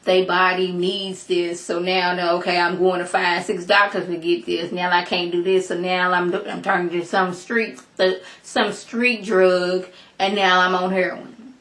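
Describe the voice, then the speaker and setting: A woman casually reviewing a TV episode, animated and emphatic, talking back at the characters. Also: on the low side, a little slow, reverberant. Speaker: TV show reviewer.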